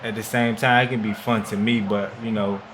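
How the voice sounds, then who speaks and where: A man's voice: fairly low pitch, little pitch movement, brisk, background noise. A man streaming a football video game, chatting loosely with viewers and cursing at plays. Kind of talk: casual live-stream chat.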